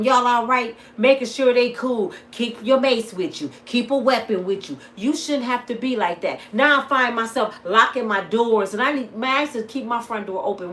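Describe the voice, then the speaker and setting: A middle-aged woman talking to her viewers in a casual vlog, swinging from lively storytelling to heated, preaching talk. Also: on the high side, slight background noise. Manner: plain-spoken, addresses viewers as y'all. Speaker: vlogger. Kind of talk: casual storytelling and emotional monologue.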